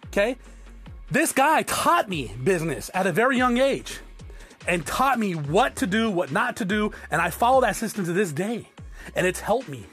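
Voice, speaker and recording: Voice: medium pitch, fairly bright tone, breathy edge. A podcast host and business owner giving a blunt, profane solo monologue, often checking in with the listener by asking "okay?".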